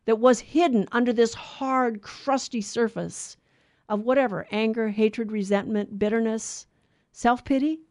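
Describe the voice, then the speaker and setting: A woman telling a moral story in a casual, animated way, acting out the characters' lines. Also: fairly high pitch, unhurried, no echo, clean studio sound. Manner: animated, acts out the lines, many restarts.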